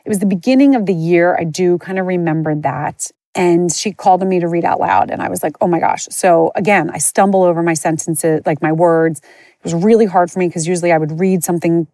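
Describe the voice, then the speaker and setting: Woman podcaster, personal storytelling, lowish pitch, rambling candid delivery, dry room. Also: brisk, warm tone, no room sound. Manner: candid, rambling, many fillers and restarts. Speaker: podcast host. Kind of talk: personal storytelling, casual chat.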